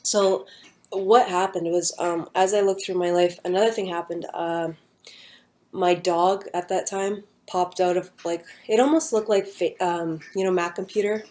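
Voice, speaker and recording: A young woman casually recounting a personal near-death story, rambling with many fillers and an earnest, hushed manner. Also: lowish voice, fairly even intonation, normal speed.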